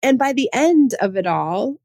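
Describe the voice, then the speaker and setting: A woman's voice: expressive, a little slow, creaky, dark tone, dry recording. A woman hosting a parenting podcast, talking earnestly on her own and asking her listeners many questions. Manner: acts out quoted parents in higher voice. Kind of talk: solo podcast talk.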